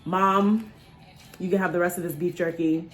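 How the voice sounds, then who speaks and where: A woman's voice: moderate pace, soft background music. A woman in her thirties, from New York, talking casually to camera in a vlog, nervous and joking before a dental procedure. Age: 30s. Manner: chatty and joking, lively swings in pitch. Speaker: vlogger.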